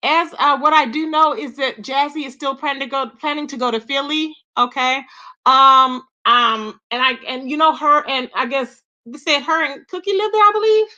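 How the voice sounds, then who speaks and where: A woman hosting a livestream, chatting casually with viewers, gossipy and animated, thanking them by name and laughing often. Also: sits high, normal speed, muffled recording. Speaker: livestream host.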